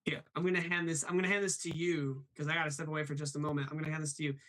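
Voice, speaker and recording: A man's voice: on the high side, flat delivery, rapid-fire, fairly bright tone. A man hosting a live show, chatting casually and apologetic, laughing often, with a guest on a call. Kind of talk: casual live-stream chat. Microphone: remote call over the internet.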